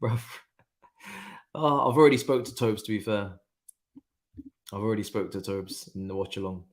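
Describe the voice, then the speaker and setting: A young man hosting a casual live football watchalong, talking in an animated, repetitive way with lots of slang and laughter. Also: lowish voice, normal speed. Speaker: watchalong host. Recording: roomy echo.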